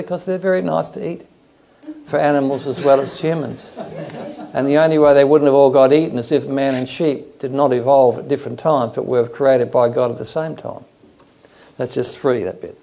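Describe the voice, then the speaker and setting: Here the same kind of sermon comes in a creaky, dark, medium-pitched voice. The middle-aged preacher weaves in anecdotes, imitating animal noises and voicing different characters.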